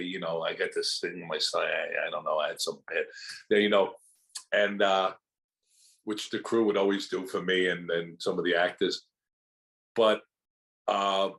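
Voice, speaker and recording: An older man tells stories as an interview guest, his voice sitting a little low. He talks in a loose, animated way and slips into quick impressions of the people in his tales. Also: gravelly, poor audio. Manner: animated anecdotes, acting out quotes from others. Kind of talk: storytelling in a casual interview.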